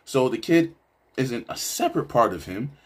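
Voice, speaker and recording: A man's voice: mid-range voice, animated, moderate pace, husky. A man giving casual, reflective commentary on a film, loose and full of asides. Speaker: video essayist.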